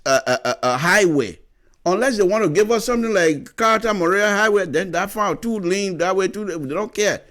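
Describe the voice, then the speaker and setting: A man with a Liberian accent giving an opinionated talk on public radio, lecturing and explaining step by step, often repeating words as he goes. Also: sits high. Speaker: radio commentator.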